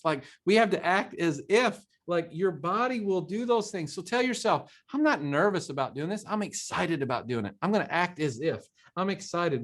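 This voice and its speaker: Brief: man with a raised voice, preachy motivational co-host, drives points home through repetition. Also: high-pitched. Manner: emphatic, preachy, quotes scripture; repeats phrases for emphasis. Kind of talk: motivational talk show.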